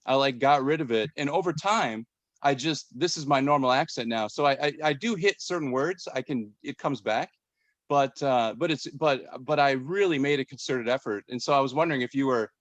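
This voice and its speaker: Man, 40s, from Minnesota; podcast host, chatty and halting, mid pitch, dry. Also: dry recording. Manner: rambling, many restarts. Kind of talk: casual chat.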